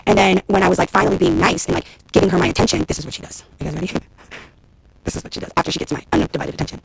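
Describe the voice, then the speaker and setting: Brief: woman in her thirties ranting on a phone livestream, rapid-fire delivery with a gravelly fry, swearing freely, exasperated. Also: fairly low pitch, sing-song, heavy background noise. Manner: fast, profane, venting and exasperated. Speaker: reality TV personality and executive producer. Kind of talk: Instagram live rant to viewers.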